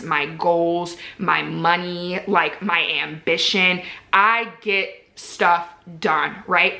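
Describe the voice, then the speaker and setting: A young woman vlogging about her medical residency, chatty and earnest, filling her sentences with "like". Her voice sits slightly low yet carries a bright, forceful edge. The room around her is noticeably echoey. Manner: chatty, frequent "like" fillers, candid and earnest. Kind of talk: casual vlog talk to camera.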